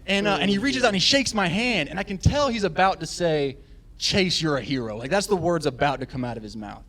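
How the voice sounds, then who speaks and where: A man's voice: fairly high pitch, brisk. A man telling a funny story on a live podcast, acting out the voices of the people in it. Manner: animated, acts out quoted voices. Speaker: guest storyteller.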